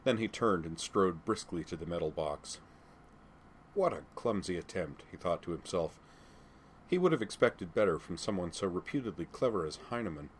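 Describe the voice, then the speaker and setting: A man with a deep, low voice narrates a story in a steady, measured way. A faint hiss sits under the recording. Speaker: audiobook narrator. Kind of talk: fan fiction audiobook narration.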